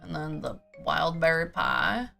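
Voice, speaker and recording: A woman's voice: low-pitched, unhurried, gravelly, pushed and bright, faint music behind. A woman streaming a cozy farming game, chatting to herself in a goofy way, humming and scatting as she sorts her items. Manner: goofy, hums and scats to herself while sorting items. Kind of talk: casual gameplay chatter. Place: home streaming setup.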